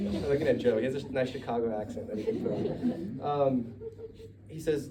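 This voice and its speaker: A man's voice: medium pitch, brisk, far from the mic, over a noisy crowd, heavy background noise. A Mexican American man telling a story at a live story night in a conversational, digressive way, with laughing asides. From United States.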